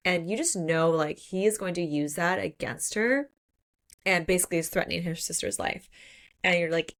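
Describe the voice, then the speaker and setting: A woman's voice: on the low side, normal speed, fairly bright tone. A young woman co-hosting a podcast, chatting casually and acting out characters' lines as she retells a story. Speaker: podcast co-host. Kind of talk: casual book recap chat.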